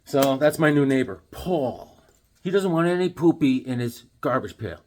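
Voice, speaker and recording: A man's voice: medium pitch, animated, moderate pace, darkish tone, slight background noise. A man casually telling rambling, sarcastic stories while showing off his comic books. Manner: rambling, sarcastic, restarts often. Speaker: comic book collector and vlogger.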